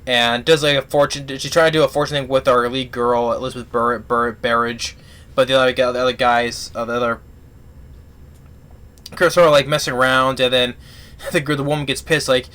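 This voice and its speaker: A man giving a casual spoken movie review, retelling the plot in a rambling, halting way full of restarts. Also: mid-range voice, level tone, pushed and bright, smooth.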